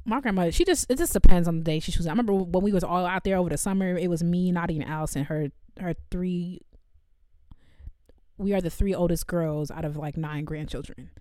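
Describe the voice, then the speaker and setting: Young woman co-hosting a chat podcast, animated storyteller, dry close sound. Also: lowish voice, a little fast, no echo. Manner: animated storytelling, laughs often, acts out voices. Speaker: podcast co-host. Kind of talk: casual chat.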